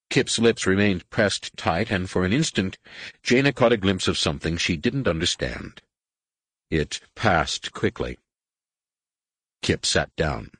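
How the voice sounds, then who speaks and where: A man reading an audiobook in a very deep, husky voice that rises and falls expressively through the story. The recording is close and dry, with no room sound. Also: expressive, a little slow, fairly bright tone, no echo. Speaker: audiobook narrator. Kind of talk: scripted narration.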